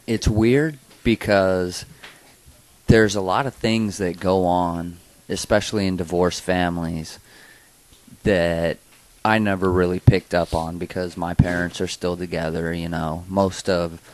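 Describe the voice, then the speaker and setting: A man's voice: sits low, steady tone, a little slow, darkish tone, low-quality recording. A man co-hosting a comedy podcast, telling a personal story in a rambling, hesitant way with lots of fillers. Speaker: podcast co-host. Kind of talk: casual storytelling chat.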